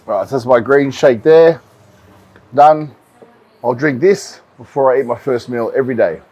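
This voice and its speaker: A man's voice: medium pitch, normal speed. Easygoing bodybuilder man, vlogging. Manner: relaxed, explanatory, with frequent ums and repeats. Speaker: bodybuilder and coach. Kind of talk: casual vlog talk to camera.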